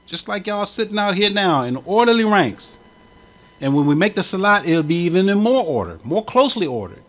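A man's voice: high-pitched, very animated, fairly quick, a bit bright. A man preaching a sermon as imam, with an impassioned cadence that swells and drops. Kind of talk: Friday sermon.

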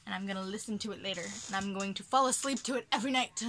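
A young woman chatting casually in a home haul vlog, full of ums and soft asides, sometimes dropping almost to a whisper. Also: mid-range voice, rapid-fire, hardly any pauses, a little hiss or hum. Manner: chatty, filler-heavy, drops to soft near-whisper when touched. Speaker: vlogger. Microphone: camera mic, handheld.

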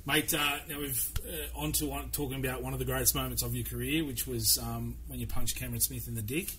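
Male host, casual and matey, rambling questions; bright tone, slight noise. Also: medium pitch, steady tone, brisk, low-quality recording. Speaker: podcast host. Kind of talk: casual podcast interview.

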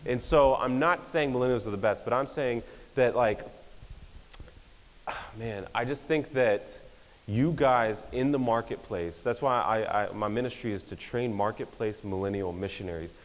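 A young man, giving an energetic, joking conference talk that pokes fun at pastors. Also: medium pitch, moderate pace. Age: young adult. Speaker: speaker. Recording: hall reverb.

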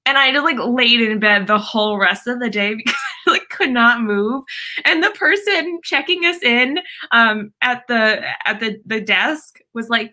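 A woman's voice: a little high, animated, a little slow, bright, forceful tone. A young woman hosting a casual live stream from home, chatting and reading viewer comments aloud with lots of fillers and laughs.

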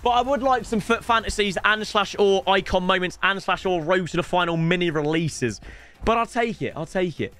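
A young man streaming and commentating live as he opens game packs, excitable and breaking into shouted celebrations. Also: high-pitched, moderate pace.

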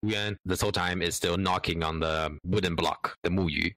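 A man narrating his character's actions in an improvised tabletop role-play, measured and unhurried. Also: sits low, steady tone, pushed and bright, no echo.

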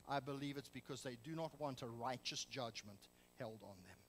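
A man's voice: medium pitch, lively intonation, normal speed. Man, pastor, sermon, emphatic rhetorical questions, lingering church reverb. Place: church sanctuary.

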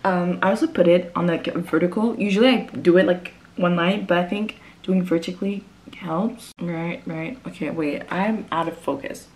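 A woman's voice: lowish voice, normal speed, a little mellow, slight background noise. A woman, talking casually to camera about arranging music, rambling and interrupting herself. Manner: rambling, chatty, self-interrupting. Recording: roomy echo.

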